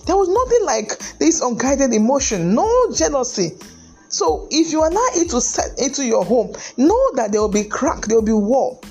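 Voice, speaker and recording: Her voice is high-pitched and very animated with a darkish tone, moving at normal speed over faint music. The middle-aged lawyer delivers a preachy motivational talk on marriage, earnest and emphatic, repeating words and dropping in "hey" often.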